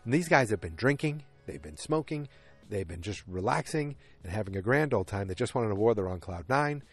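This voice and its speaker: A man's voice: fairly low pitch, expressive, a little fast, slightly rough, faint music behind. A man chatting casually outdoors on a windy evening, rambling through a recap of a TV episode and acting out the characters' lines as he goes.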